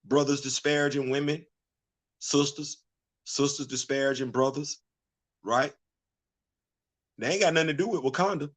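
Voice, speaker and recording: A man's voice: medium pitch, moderate pace, long pauses, fairly bright tone. A man hosting his own vlog, giving casual opinion commentary full of emphatic repetition and rhetorical questions. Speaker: vlog host.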